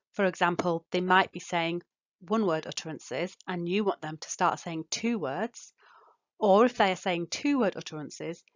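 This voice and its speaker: Measured woman, low, muffled. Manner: calm, measured, instructive. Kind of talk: scripted narration for parents. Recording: dull, muffled voice-over.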